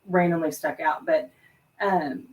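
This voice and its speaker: A woman's voice: deep voice, fairly even intonation, a little slow, far from the mic, poor audio. Earnest woman, slightly off-mic. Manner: reflective, earnest, chatty. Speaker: hairdresser and podcast co-host. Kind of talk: casual podcast chat.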